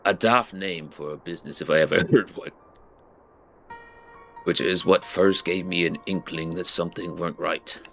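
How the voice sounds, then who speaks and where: A man voicing a gruff female sea captain in a rough pirate-style brogue, reading game dialogue aloud. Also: extremely low pitch, fairly even intonation, moderate pace, a bit bright, faint music behind. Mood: grim.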